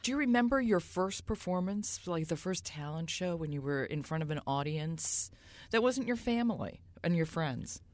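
A woman's voice: lowish voice, expressive, moderate pace, darkish tone, no room sound. A woman interviewer asking short, attentive questions to prompt a guest's stories.

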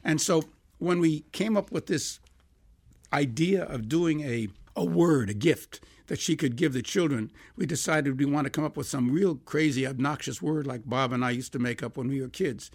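An older man, a songwriter being interviewed, telling lively anecdotes, acting out quoted dialogue and laughing as he goes. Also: fairly high pitch, moderate pace, slightly rough. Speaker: songwriter guest.

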